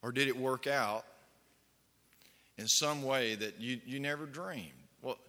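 A man's voice: mid-range voice, slow, pushed and bright. A man preaching a sermon, telling stories and putting questions to his congregation. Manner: storytelling, asks the congregation questions. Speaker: pastor. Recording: long hall reverb.

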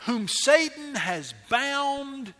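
A man's voice: very high voice, big pitch swings, extremely slow, pushed and bright, big-room sound, voice pushed up, heavily acted. A man voicing Jesus as a passionate, emphatic rebuker in a sermon retelling. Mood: challenging.

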